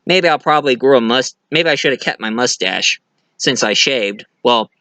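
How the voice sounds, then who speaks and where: Male movie reviewer, chatty and rambling, bright voice, dry close sound. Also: medium pitch, lively intonation, moderate pace, dry recording. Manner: rambling, chatty, many restarts, laughs at own jokes. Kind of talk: casual film review monologue.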